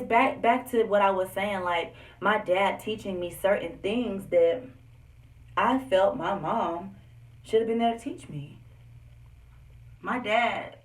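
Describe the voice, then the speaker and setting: A young woman telling personal stories straight to her viewers in an animated, candid vlog. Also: mid-range voice, recorded from a distance. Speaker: vlogger. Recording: echoey room, voice set back from the mic.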